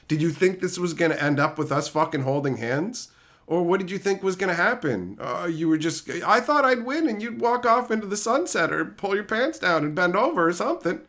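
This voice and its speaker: A man's voice: sits high, animated, a little fast, fairly bright tone. A male streamer casually answering chat questions in a profane, rowdy, mocking way.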